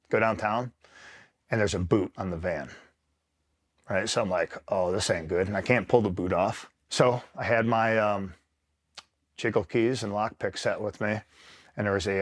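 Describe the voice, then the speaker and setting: Here a lowish-voiced retired Marine from upstate New York, interviewed as a guest, wanders through a story about a war buddy. He's casual and profane, constantly checking that the listener is following.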